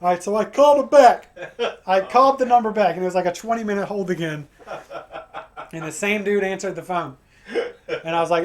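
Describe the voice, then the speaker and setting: A man's voice: high-pitched, a little fast. An American man doing a stand-up set, telling a profane, ranting story and acting out his angry phone calls. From United States. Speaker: stand-up comedian.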